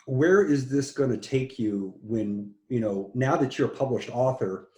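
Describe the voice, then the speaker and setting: A man's voice: mid-range voice, a little slow, dark tone, reverberant. A man from Texas, interviewing an author in an enthusiastic, rambling conversational way. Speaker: interviewer, publisher.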